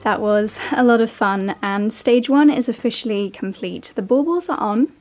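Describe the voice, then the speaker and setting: A woman's voice: fairly high pitch, moderate pace, a little mellow. A young woman chatting to camera at home, gushing and affectionate as she talks through her day. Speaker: lifestyle vlogger. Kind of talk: casual vlog narration to camera. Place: country home indoors and garden.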